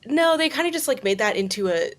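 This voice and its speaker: A woman co-hosting a podcast, relaxed and chatty, sharing trivia and hedging with "like". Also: high-pitched, fast. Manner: relaxed, shares trivia, hedges with "like". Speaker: podcast co-host. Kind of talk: casual chat.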